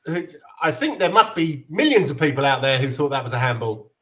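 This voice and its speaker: A man hosting a casual football chat, lively and jokey. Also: fairly high pitch, fairly quick, crowd noise. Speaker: show host.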